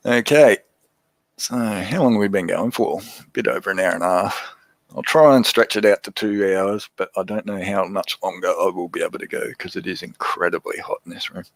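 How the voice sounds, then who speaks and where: Low-voiced Australian man chatting live. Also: a little fast, dry recording, rough recording. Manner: relaxed, chatty, reads and answers viewer comments. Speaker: livestream host. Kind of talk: casual livestream chat with viewers.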